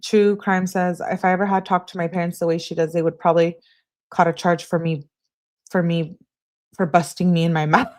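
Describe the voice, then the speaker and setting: A woman on a live stream reading text messages aloud in a steady voice, breaking off to answer her chat. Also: lowish voice, a little fast. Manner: flat reading, asides to chat.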